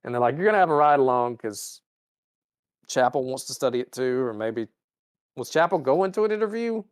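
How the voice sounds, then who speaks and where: A man co-hosting a podcast, casually recapping a show and acting out the characters in quick voices. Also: mid-range voice, expressive, clean tone, no echo, studio quality. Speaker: podcast co-host. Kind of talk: casual chat recapping an episode.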